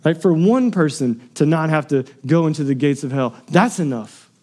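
A young man delivers a sermon in a relaxed, conversational way, stressing his points and tossing in "man" and "dude". His voice sits high for a man yet has a warm, mellow tone. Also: normal speed. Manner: casual and emphatic, drops in "man" and "dude". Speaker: preacher.

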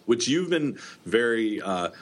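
A man's voice: medium pitch, very animated, measured pace, a little hiss or hum. A middle-aged man co-hosting a podcast, telling rambling stories in casual chat and laughing often. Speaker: podcast co-host.

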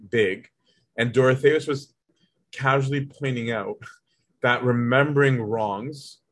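A man's voice: medium pitch, no room sound. Casual man teaching in a dry room. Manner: conversational, keeps checking in with listeners; breaks a text into plain everyday examples. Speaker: teacher leading a study of an early Christian text.

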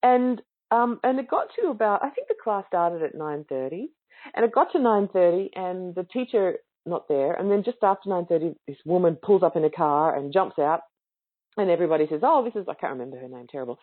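A woman's voice: fairly low pitch, expressive, fairly quick. A woman telling a casual, enthusiastic story about a yoga class in a chatty way, and she acts out the other people's lines. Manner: chatty and enthusiastic, acting out quoted voices. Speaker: yoga student speaking to yoga teachers. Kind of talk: casual spoken anecdote. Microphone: online call or webinar audio. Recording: narrow phone-like sound.

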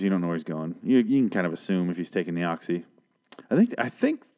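A man's voice: mid-range voice, darkish tone. A man hosting a casual TV episode review, talking in a rambling, profane and sarcastic way. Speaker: host of a TV review show.

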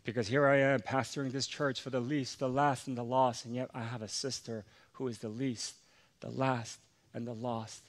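A man's voice: medium pitch, little pitch movement, normal speed. An earnest man preaching from the pulpit with a mid-range voice. He tells a personal story in a confessional, heartfelt way, and his emotion rises and falls as he goes. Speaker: pastor.

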